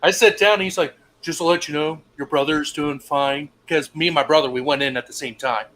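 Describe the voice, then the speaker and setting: A man's voice: fairly high pitch, fairly even intonation, a little fast, fairly bright tone, poor audio. A young man co-hosting a casual stream, telling laid-back stories and swearing freely. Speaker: stream co-host. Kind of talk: casual storytelling chat.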